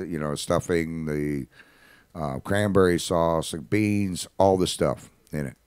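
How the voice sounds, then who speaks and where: A middle-aged man, a radio host, telling a personal anecdote in a blunt, animated, indignant manner. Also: low voice, no room sound, clean studio sound. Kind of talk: casual spoken anecdote.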